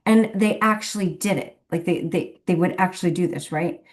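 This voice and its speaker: Chatty low-voiced woman medium. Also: moderate pace. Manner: rambling, chatty, laughs often between phrases. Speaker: professional medium. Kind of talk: casual anecdotal storytelling.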